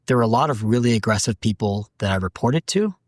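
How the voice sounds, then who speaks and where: A man's voice: on the low side, lively intonation, fast talker, darkish tone, dry recording, clean studio sound. A man guest on an interview podcast, talking candidly and acting out quotes as he tells stories. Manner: candid storytelling, acts out quotes. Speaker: manufacturing director, guest. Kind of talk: casual interview talk.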